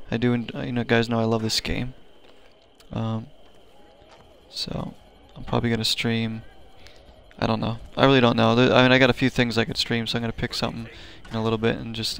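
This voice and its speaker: A man's voice: mid-range voice, vocal fry, a bit bright, clean tone. A man chatting casually as he streams a video game, laid-back and rambling with fillers. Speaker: gaming streamer.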